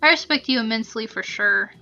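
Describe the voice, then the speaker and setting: A woman's voice: fairly high pitch, quick pace, pushed and bright, highs cut off, faint music behind. A woman reading a sarcastic teenage boy. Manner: sarcastic, snappy.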